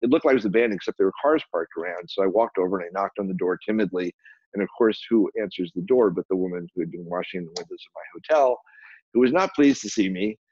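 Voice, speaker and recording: An older man, a photographer and publisher, telling stories as a guest in a brisk, animated way with quick restarts. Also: low voice, lo-fi sound, a little hiss or hum. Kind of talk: storytelling in a conversation.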